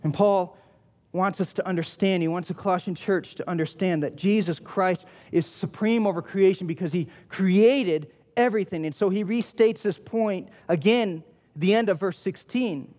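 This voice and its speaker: A man's voice: high-pitched, normal speed, darkish tone. A male pastor preaching a sermon, emphatic and repeating key phrases for weight. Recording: long hall reverb.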